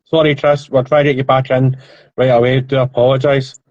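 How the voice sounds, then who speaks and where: A man's voice: medium pitch, little pitch movement, a little fast, darkish tone, highs cut off. Easygoing apologetic male podcast host. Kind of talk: casual chat.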